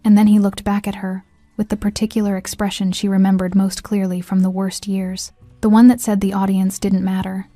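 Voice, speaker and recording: A woman giving a measured, scripted narration of a story. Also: medium pitch, no echo. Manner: measured, even reading. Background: faint music.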